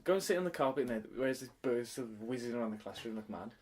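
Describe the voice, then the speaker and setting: A man's voice: medium pitch, animated, rapid-fire. A man, a teacher and podcast co-host, telling a funny story in casual chat and laughing often as he acts out voices.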